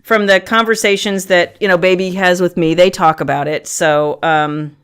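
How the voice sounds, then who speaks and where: A middle-aged woman hosting a casual livestream from her family room, chatting warmly with viewers and greeting them by name between frequent ums. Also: lowish voice, fairly even intonation, normal speed, clear, resonant tone. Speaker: livestream host.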